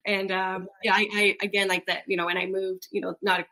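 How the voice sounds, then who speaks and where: In a casual podcast conversation, a middle-aged female co-host speaks at a normal speed in a mid-range voice. She tells animated stories, voicing the people she quotes and laughing along.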